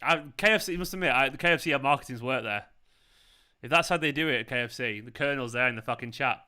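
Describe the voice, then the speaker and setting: Mancunian male stream host, bright clear tone, loose and chatty with his viewers. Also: medium pitch, quick pace. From England. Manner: chatty, rambling, reads out chat comments. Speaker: fan channel host. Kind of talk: casual live watchalong chat. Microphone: earphones with mic.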